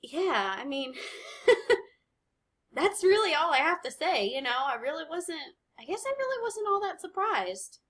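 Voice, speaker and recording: A woman hosting an anime reaction video, chatting casually and rambling as she pauses to comment. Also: high-pitched, very animated, fairly bright tone.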